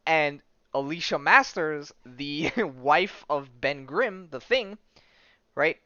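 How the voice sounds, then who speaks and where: Chatty man recapping comics, bright voice. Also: on the high side, expressive, takes it slowly, no echo, muffled recording. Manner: chatty, lots of "right?" and "like", laughs a lot. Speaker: podcast host.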